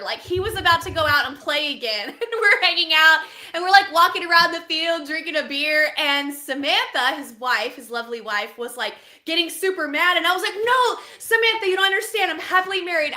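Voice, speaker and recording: A woman's voice: high-pitched, pushed and bright. A woman co-hosting a casual sports talk show, bubbly and chatty. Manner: bubbly, chatty, says "like" a lot. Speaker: co-host. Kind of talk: casual chat. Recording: roomy echo.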